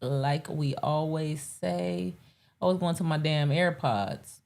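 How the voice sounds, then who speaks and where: A woman's voice: low voice, fairly even intonation, slow pace, vocal fry, darkish tone. A woman hosting a live show, chatting casually and profanely to her chat while fumbling with her setup. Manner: rambling, profane, talks to chat.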